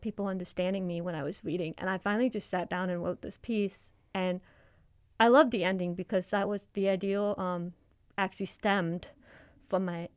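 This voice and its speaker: A young woman with a mild speech impediment who tends to talk fast. She reads her own essay, then answers questions casually with fillers. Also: mid-range voice, clean tone, dry recording. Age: young adult. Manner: quick-talking, with frequent fillers in conversation. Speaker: student writer and guest.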